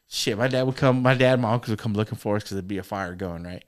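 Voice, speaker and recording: A man guesting on a podcast, telling stories in casual chat, animated, swearing a lot and repeating himself. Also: lowish voice, quick pace, few pauses.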